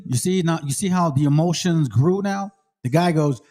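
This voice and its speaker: A man's voice: on the high side, expressive, a little fast, dark tone. Fired-up man commenting on clips. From Mexico. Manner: emphatic, street-casual preaching. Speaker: channel host. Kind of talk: commentary on a played debate clip.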